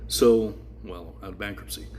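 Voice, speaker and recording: A man with a fairly low voice talks slowly and deliberately, building up his point with quiet resentment. A faint hiss of noise sits underneath his speech. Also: steady tone. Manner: measured, speculative, resentful. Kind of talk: explanatory commentary.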